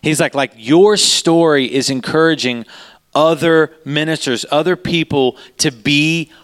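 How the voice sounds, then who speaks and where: A man, a pastor, telling a story in a sermon, animated and rising in pitch as he gets excited. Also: measured pace, smooth.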